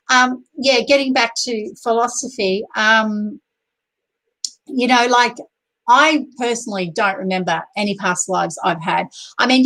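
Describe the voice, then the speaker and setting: Australian woman, live-stream host, slightly high pitch, loose rambling chat full of restarts. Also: low-quality recording. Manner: rambling, full of fillers and restarts, greets viewers warmly by name. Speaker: YouTuber hosting a live video.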